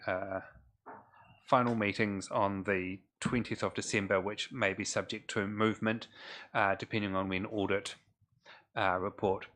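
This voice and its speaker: A man from New Zealand, a council officer, presenting agenda items in a measured way with frequent pauses. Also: fairly low pitch, a bit bright, a little hiss or hum. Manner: measured, many fillers, dry humour. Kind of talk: formal meeting presentation. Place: council chamber.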